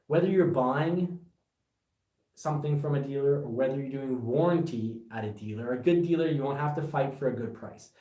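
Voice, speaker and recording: A man's voice: mid-range voice, moderate pace, far from the mic. Worked-up man in an echoey room. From Canada. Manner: animated, gets worked up, rambling restarts. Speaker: car reviewer. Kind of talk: casual vlog commentary. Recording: echoey room, voice a bit off-mic.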